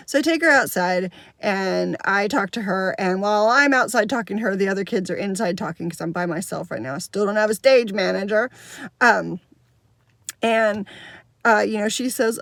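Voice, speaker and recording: A woman's voice: medium pitch, fairly quick, dry recording, studio quality. A woman in her fifties who directs children's theater, telling a story in a casual vlog and acting out the voices of the kids. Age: 50s. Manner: animated, acts out kids' voices in quotes.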